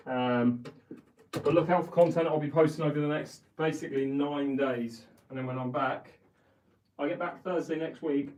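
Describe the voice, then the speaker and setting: A man's voice: fairly high pitch, steady tone, moderate pace, a little mellow. Chatty man in an echoey pool room. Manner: chatty, frank and self-critical. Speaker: pool player streaming live. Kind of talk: casual live-stream chat. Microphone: head-mounted camera. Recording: echoey room, mic far off, noisy.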